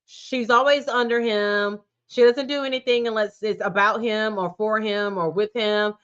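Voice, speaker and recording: A woman's voice: medium pitch, steady tone, normal speed, a bit bright, clear, resonant tone, muffled recording. A woman guesting on a podcast, giving blunt, outspoken opinions in casual chat and swearing freely. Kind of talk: casual chat about a reality show.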